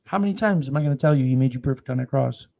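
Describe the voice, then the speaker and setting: Man, preacher, gravelly voice, profane, slow solemn reading, sudden loud outbursts. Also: mid-range voice. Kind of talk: scripture reading with crude live commentary.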